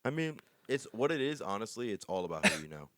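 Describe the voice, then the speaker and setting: A young man co-hosting a podcast, telling stories fast and animated in casual chat, swearing freely. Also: fairly low pitch, dry recording, clean studio sound. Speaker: podcast co-host.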